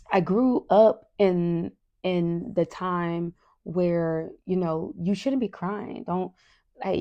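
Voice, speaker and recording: Woman in her 30s chatting on her podcast, gravelly low-key voice, kinda dull lo-fi sound, emotional and candid. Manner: candid and emotional, with frequent fillers and soft asides. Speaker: podcast host. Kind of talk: casual personal talk.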